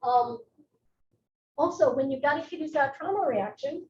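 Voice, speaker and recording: A middle-aged woman giving a live educational talk as a nurse presenter, chatty and animated, with personal asides. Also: sits high, moderate pace. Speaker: psychiatric nurse practitioner, presenter. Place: presentation room. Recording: echoey room, distant mic, muffled, faint noise.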